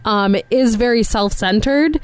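A woman's voice: fairly high pitch, clear, resonant tone. A woman co-hosting a casual chat, recapping a film with plenty of "like" and "um". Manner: unhurried, fillers like "like" and "um". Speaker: podcast co-host.

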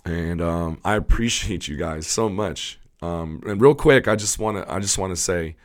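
Rambling, heartfelt man with a low voice. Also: normal speed. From Southern California. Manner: rambling, heartfelt, with many fillers and restarts. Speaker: host. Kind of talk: casual vlog talk to camera.

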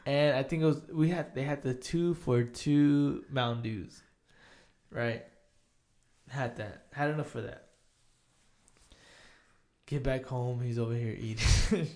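Gravelly young man telling a story. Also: mid-range voice, slow, long pauses, darkish tone. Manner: profane, laughing storyteller. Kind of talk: casual chat.

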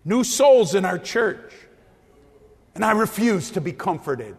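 A man preaching a sermon as pastor, impassioned, swinging from near shouts down to low, quiet lines. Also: sing-song, a little slow, vocal fry, pauses often, big-room sound.

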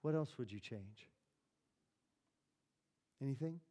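With a warm, medium-pitched voice, slow but animated, a pastor preaches in a church hall full of reverb. He chats, tells stories, and asks the congregation questions.

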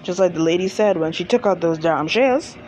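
A woman chatting casually through a TV episode recap, animated and gushing, laughing often. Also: lowish voice, fairly quick. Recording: muffled with loud vehicle noise.

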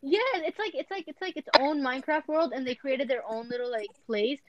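A woman's voice: high voice, lively intonation, fairly quick, no room sound. Rambling young woman on a muffled call. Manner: rambling, laughs often, talks over others. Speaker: podcast co-host. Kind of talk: casual chat. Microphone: headset on an online voice call. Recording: dull lo-fi call audio, dry.

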